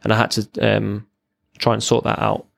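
A man, a former serviceman, telling his own story as a podcast guest in a halting, plain-spoken way. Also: on the low side, monotone, gravelly, a bit bright. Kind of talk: candid personal storytelling.

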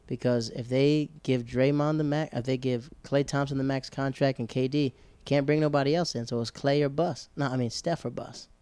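A man's voice: mid-range voice, steady tone, moderate pace, few pauses, dark tone, clean tone, dry recording. A man in casual chat as podcast co-host, rambling and chatty, often correcting himself.

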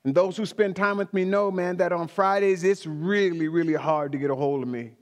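A man's voice: high-pitched, fairly even intonation, brisk, big-room sound. A man preaching a sermon, speaking emphatically, repeating key phrases and talking directly to the congregation in a church. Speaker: pastor.

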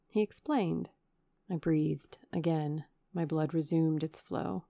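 Woman narrator, audiobook reading, low pitch, gravelly, dry close sound. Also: no echo. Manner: measured, expressive reading. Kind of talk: scripted narration of a classic novel. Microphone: USB studio microphone.

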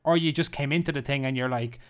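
A man's voice: mid-range voice, fast talker. A man co-hosting a casual podcast, rambling and joking as he reads out lists with playful emphasis. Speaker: podcast co-host. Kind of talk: casual chat.

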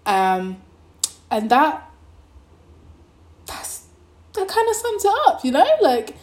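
A young woman vlogging, telling a story in a casual, animated way and acting out the people in it. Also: high voice, slow pace, long pauses, roomy sound.

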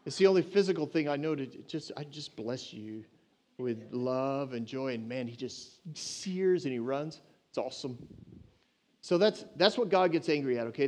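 A man preaching a sermon in an animated, emphatic way that surges loud with passion. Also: a little high.

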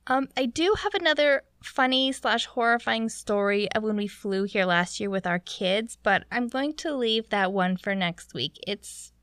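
A young woman from Canada telling a story in a chatty, animated way, with lots of "like". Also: fairly high pitch, measured pace, hardly any pauses, clear, resonant tone, no echo. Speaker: vlogger. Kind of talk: casual storytelling.

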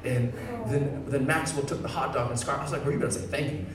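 A man's voice: medium pitch, steady tone, fast, crowd noise. A man in his thirties preaching a sermon, telling a family story casually, then rising into fervent preaching. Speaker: pastor. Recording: echoey hall, distant mic, noisy.

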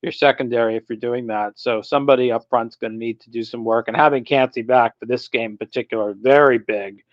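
A man's voice: mid-range voice, steady tone, brisk, no room sound, lo-fi sound. A man co-hosting a casual sports podcast, blunt and opinionated, laughing as he rants. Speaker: podcast co-host.

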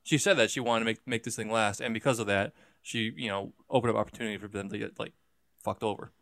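A young man in a casual movie discussion, talking haltingly with frequent restarts. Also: fairly even intonation, fairly bright tone, dry recording, studio quality. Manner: halting, restarts often, jumps up in pitch when making a point.

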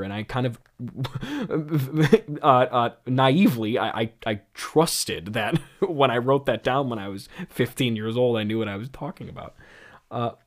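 A man giving comedic commentary on an old script, full of incredulous asides, restarts and laughter. His pitch swings widely as he talks, sitting in the middle of his register overall. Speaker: host.

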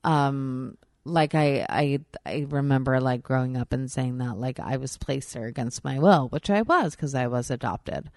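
Give me a low-voiced woman hosting a podcast, swearing constantly. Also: moderate pace, few pauses, darkish tone, dry recording, clean studio sound. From Long Island, New York. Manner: profane, rambling, full of fillers and restarts. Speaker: podcast host. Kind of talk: casual podcast chat. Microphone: close podcast mic.

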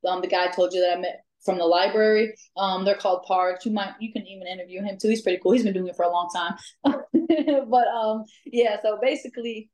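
A woman's voice: medium pitch, brisk. Chatty woman telling stories in an echoey room. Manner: lively, laughs often, many "um" fillers. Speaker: guest, amateur ghost hunter. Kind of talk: casual storytelling chat.

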